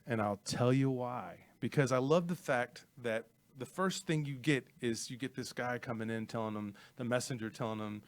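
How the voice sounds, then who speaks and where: Podcast co-host, male, lively storyteller who jumps into character voices mid-sentence. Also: mid-range voice, fairly quick, gravelly. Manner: animated, acts out movie lines with big swings. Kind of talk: casual film discussion.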